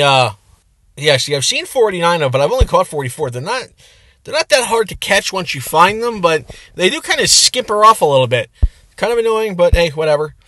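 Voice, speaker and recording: A man's voice: fairly high pitch, a bit bright, no room sound. A young man hosting a gaming channel, giving rambling, casual game commentary outdoors with lots of fillers. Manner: rambling, chatty, with many fillers.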